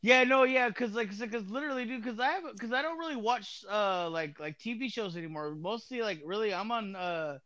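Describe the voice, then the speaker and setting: A man in casual conversation who keeps halting and reaching for words, his sentences full of fillers. His voice is high and smooth. The sound is dry and close, with no room around it. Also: animated, pushed and bright, no room sound, muffled recording. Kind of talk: casual chat.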